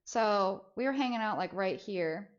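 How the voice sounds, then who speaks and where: A young woman streamer casually telling a story, animated and swearing freely, acting out the voices of people she quotes. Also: medium pitch, measured pace. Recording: slightly dull lo-fi audio.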